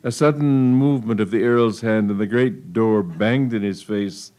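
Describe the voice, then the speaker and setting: A man's voice: lowish voice, normal speed, warm tone. A man reading a humorous story aloud in a wry, amused storytelling manner. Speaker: narrator. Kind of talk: audiobook reading of a comic tale.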